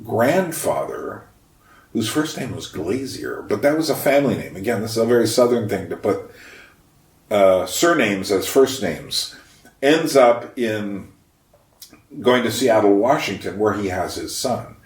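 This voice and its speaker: A man talking about history in a casual, reflective monologue, thinking aloud with frequent pauses. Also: fairly low pitch, animated. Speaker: history vlogger. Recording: roomy echo, mic at a distance.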